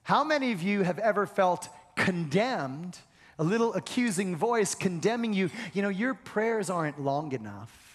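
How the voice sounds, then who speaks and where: Male pastor, very high voice, energetic preaching with call-outs to the room, long reverb. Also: moderate pace. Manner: emphatic, repeats phrases, asks the congregation questions, occasional shouts. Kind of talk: sermon.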